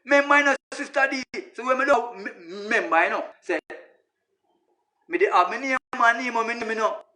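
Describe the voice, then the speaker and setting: A Jamaican man with a high, bright voice delivers a casual monologue that rambles and repeats itself. He talks emphatically in patois and keeps turning to his listeners with "you hear that?". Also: moderate pace. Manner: emphatic, repetitive, addresses listeners as brother. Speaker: social media personality.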